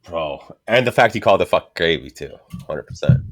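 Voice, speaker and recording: A man's voice: sits low, normal speed. A man hosting a casual chat, swearing constantly and telling stories with animation. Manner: profane, animated storytelling.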